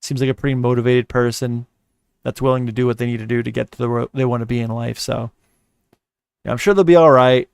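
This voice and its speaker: A man hosts a livestream in casual, rambling chat, swearing freely as he tells stories and hands out blunt advice. His voice is smooth and resonant. His pitch sits in an ordinary middle range, and the sound is dry and close. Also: steady tone, fast, dry recording. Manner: rambling, profane storytelling. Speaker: livestream host.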